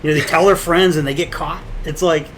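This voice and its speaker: Fast, profane storytelling man guest. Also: on the high side, fairly even intonation, a bit bright, slight background noise, poor audio. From Connecticut. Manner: rapid storytelling with quoted dialogue, swearing. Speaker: guest, tattoo supply owner. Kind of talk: casual chat.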